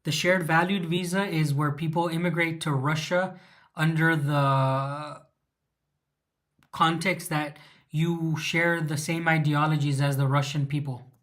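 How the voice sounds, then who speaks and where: Speaking a little slowly in a fairly high, steady, fairly bright voice, this livestream host answers viewer questions in a loose Q&A. He's from Southern California, has a Chicano English accent, and lives in Russia. Lots of ums, rambling, and restarted sentences.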